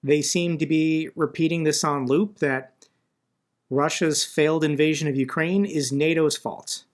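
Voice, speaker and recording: A political commentator from the US, his voice fairly high with lively intonation, moves at a moderate pace through a casual commentary video. His take on the news is blunt and conversational, turning steadily more indignant.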